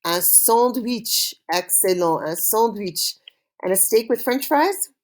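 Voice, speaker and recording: A woman teaching a recorded French vocabulary lesson, saying words slowly for students to repeat and praising them often. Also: mid-range voice, lively intonation. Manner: slow call-and-repeat drilling with cheerful praise. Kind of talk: recorded online language lesson.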